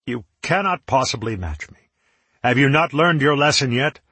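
A man's voice: mid-range voice, animated, moderate pace, sharp tone, breathy edge, no echo, voice pushed up, full character voice. A man doing a jeering, cruel swordsman villain. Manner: jeering, menacing.

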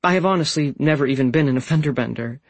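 A man's voice: fairly high pitch, quick pace, no echo, voice pushed up. A man doing a stressed, earnest young woman. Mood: chatty.

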